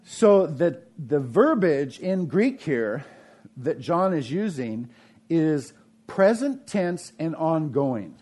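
A middle-aged man preaching a conversational sermon, asking the congregation questions and swinging between raised emphasis and quiet, low asides. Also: big pitch swings, slow pace. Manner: conversational preaching with frequent restarts and rhetorical questions. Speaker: pastor.

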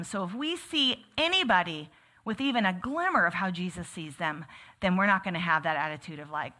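Bright-voiced woman giving casual church teaching. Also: mid-range voice, animated, brisk. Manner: conversational, with frequent "like" and "right?". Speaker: church teacher leading a book study. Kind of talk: casual sermon-style Bible teaching.

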